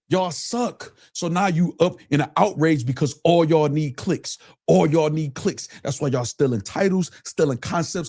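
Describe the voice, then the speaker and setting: Husky man ranting on a stream. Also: a little high, a little mellow. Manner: profane, mocking, repeats phrases. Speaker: streamer with his own platform. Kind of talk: angry livestream rant.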